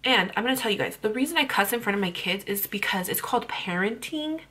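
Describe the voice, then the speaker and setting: Blunt, profane, husky young woman. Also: mid-range voice, expressive, fast, a bit bright. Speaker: parenting vlogger. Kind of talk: blunt vlog rant.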